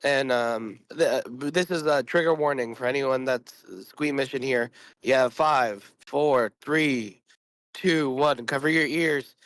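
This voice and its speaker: A man who is sick and keeps clearing his throat, chatting bluntly and swearing a lot on a group voice call about trading and his job. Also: medium pitch, slow pace, fairly bright tone, no room sound. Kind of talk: casual chat.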